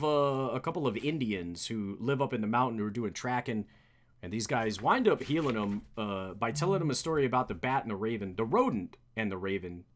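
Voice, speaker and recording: Man rambling through a casual comic recap. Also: medium pitch. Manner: animated, rambling, lots of restarts and fillers. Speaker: comic book reader, streamer.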